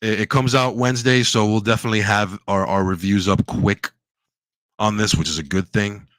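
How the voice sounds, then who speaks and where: A man's voice: fairly low pitch, steady tone, moderate pace, a bit bright, dry recording. A man co-hosting a casual review podcast, talking animatedly and acting out scenes in quoted voices, often laughing. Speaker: podcast co-host. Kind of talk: casual chat, show review.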